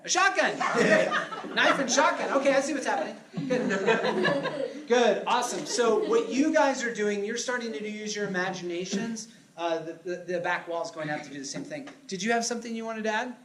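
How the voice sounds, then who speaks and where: Bubbly improv teacher hosting a live show. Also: female voice, medium pitch, expressive, fairly quick. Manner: upbeat, laughing often, coaxing the audience. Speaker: improv class instructor and host. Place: theater stage before a live audience. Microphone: far room mic. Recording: echoey room, far from the mic, crowd.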